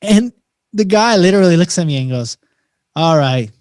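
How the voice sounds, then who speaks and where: Animated, story-telling man, dry sound. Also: sits high, fairly quick, no room sound. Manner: animated storyteller who acts out dialogue and often says "man". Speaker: podcast guest. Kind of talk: casual conversation.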